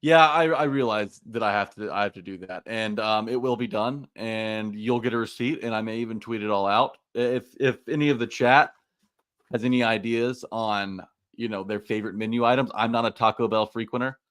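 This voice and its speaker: A man's voice: lowish voice, normal speed, fairly bright tone, no room sound, studio quality. A man co-hosting a live sports podcast, talking animatedly and hyping up the live chat. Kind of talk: casual live-stream chat.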